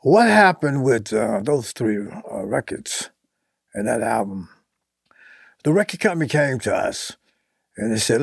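Older male musician guest, gravelly, halting, dry close mic. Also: mid-range voice, big pitch swings, no echo. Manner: halting, many ums and you-knows. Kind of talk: casual interview talk.

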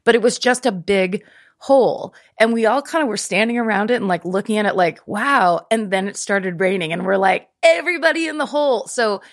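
A woman in her fifties, a podcast guest, chatting casually and telling stories in quick animated bursts. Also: medium pitch, no echo, clean studio sound. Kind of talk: casual chat.

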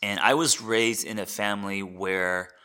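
Man in his forties, lowish pitch, bright tone, candid podcast monologue, halting, lots of restarts. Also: fairly even intonation, clear, resonant tone. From United States. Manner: reflective, halting with many fillers and restarts. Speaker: podcast host and therapist.

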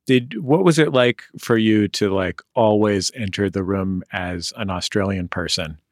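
An American man hosts a relaxed interview. His voice is low and close with no room sound, and his questions come measured, with a dry wit. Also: dry recording. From United States. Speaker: interview host. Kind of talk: casual interview chat.

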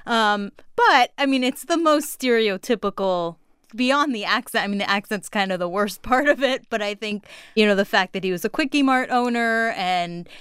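A woman's voice: fairly high pitch, expressive, moderate pace, fairly bright tone, clean tone, no room sound, studio quality. A woman from California speaking as a guest on a panel, chatty and frank, often laughing as she talks. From Orange County, California. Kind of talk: casual panel discussion.

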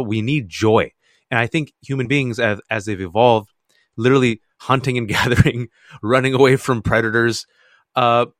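A man in the guest chair of a radio interview, spinning animated stories and laughing often. His voice sits at an ordinary pitch and is recorded close and dry, with no room sound around it. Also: dry recording. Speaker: author and guest.

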